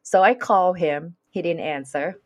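Woman w/ an accent, fairly low voice, earnest, acts out the back and forth as she tells it. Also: unhurried. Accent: non-native English. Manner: earnest, acts out quoted dialogue. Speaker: guest. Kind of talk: personal storytelling in conversation.

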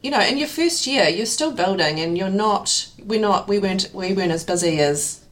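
A woman's voice: medium pitch, lively intonation, moderate pace. A woman with a New Zealand accent, a recruitment business co-owner talking casually and rambling in an interview. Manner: rambling, many fillers and restarts.

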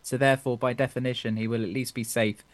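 A man's voice: mid-range voice, little pitch movement, quick pace. A man hosting a casual football podcast, joking with the panel, laughing often and steering the talk between guests. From England. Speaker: podcast host.

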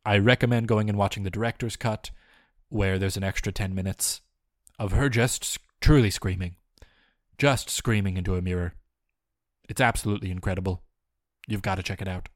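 A man hosting a comedy podcast, rambling deadpan through a made-up film recap and breaking into mock-angry rants. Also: lowish voice, no room sound, clean studio sound.

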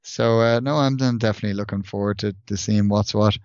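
A man's voice: lowish voice, fairly even intonation, fast, a little mellow, smooth, no room sound. Rambling man on a dull, dry mic. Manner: rambling, many restarts and fillers. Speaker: podcast co-host. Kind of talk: casual gaming podcast chat and news reading.

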